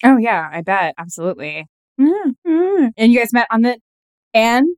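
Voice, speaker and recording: A woman hosting a casual chat, encouraging her guest and asking quick, curious follow-up questions. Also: a little high, sing-song.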